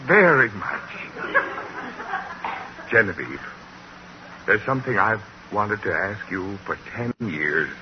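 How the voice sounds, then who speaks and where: A bashful, formal suitor. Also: male voice, on the low side, big pitch swings, slow, long pauses. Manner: timid, formal, flustered. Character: shy, formal middle-aged man courting a coworker. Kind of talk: 1940s radio comedy acting. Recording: dull, hissy old radio recording.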